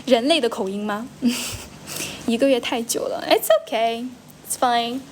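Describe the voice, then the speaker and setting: Chatting away on a livestream from a friend's place, this young woman from China, an English teacher, replies to viewer comments. She speaks a little slowly in a highish voice, moving between Mandarin and English and often repeating or fixing what she says, with a little hiss or hum present.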